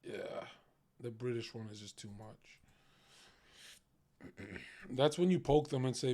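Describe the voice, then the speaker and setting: A man's voice: medium pitch, slow, pauses often, dark tone. A young man doing livestream reaction commentary in a crude, mocking, swear-heavy rant.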